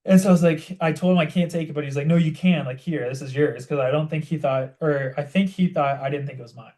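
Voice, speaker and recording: A young man co-hosting a podcast, telling a story in animated casual chat and saying "like" constantly. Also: a little high, quick pace. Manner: animated storytelling, heavy use of "like". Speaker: podcast co-host.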